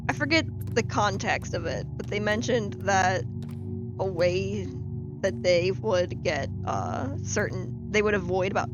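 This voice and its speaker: A woman streaming a game, telling stories in a casual, animated way, acting out quotes and swearing freely. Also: mid-range voice, unhurried, over music. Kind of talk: casual gaming chat and storytelling.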